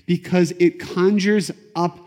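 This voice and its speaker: A middle-aged man teaching a class on Kabbalah, telling stories in a lively conversational way. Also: high voice, slow. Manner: animated, conversational, acts out quotes. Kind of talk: lecture storytelling. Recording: echoey lecture hall.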